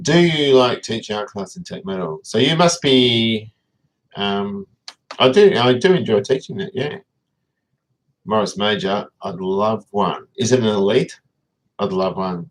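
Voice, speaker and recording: A man's voice: lowish voice, poor audio. A middle-aged man chatting casually on a live stream, greeting viewers by name and rambling about cars and teaching.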